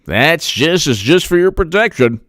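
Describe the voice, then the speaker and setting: Political commentator, male, sarcastic, smooth higher voice, dry close mic. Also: sing-song, moderate pace, a bit bright, no echo. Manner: sarcastic, mocking put-on voices. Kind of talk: live-stream commentary, reading chat.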